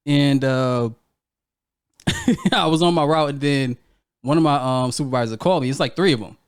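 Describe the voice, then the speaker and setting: A man's voice: a little high, animated, normal speed, pauses often, smooth. A young man co-hosting a podcast, telling a story in casual chat, laughing often and swearing freely. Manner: laughs often, loose and profane. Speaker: podcast co-host.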